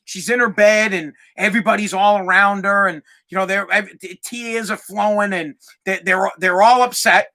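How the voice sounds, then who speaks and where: A man hosting his own podcast, ranting crudely and excitably with lots of swearing. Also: sits high, normal speed, hardly any pauses. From United States. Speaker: podcast host. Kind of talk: profane ranting monologue.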